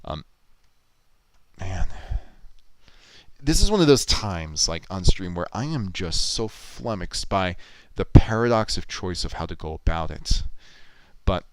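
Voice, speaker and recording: A livestreamer editing a video talks casually in a low-sitting, very animated voice, a little slow and with frequent pauses. He muses, thinks aloud, and reads out viewers' comments, on a rough recording.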